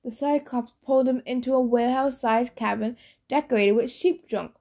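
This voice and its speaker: A woman narrating an audiobook in a steady, expressive reading voice. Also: a little high, brisk.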